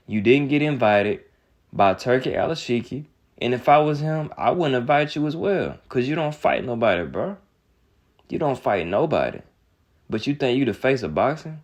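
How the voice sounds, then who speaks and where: A young man, ranting in casual commentary with a heated, mocking, repetitive manner. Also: medium pitch. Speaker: boxing commentator.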